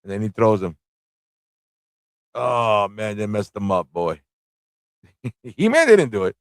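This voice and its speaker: A man hosting a live comic review stream, excitable, laughing and slangy as he reacts. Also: lowish voice, takes it slowly, no room sound, studio quality. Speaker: host.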